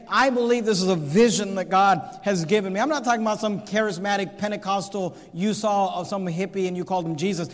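A man preaching a sermon, reading scripture aloud and building to emphatic, shouted points. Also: sits high, in a large hall. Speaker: pastor.

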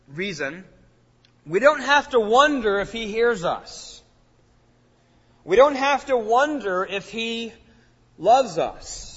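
Male pastor, higher register, earnest sermon delivery, muffled church-hall recording with long echo. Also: fairly bright tone. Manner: earnest preaching, swells and drops in volume. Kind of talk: expository sermon.

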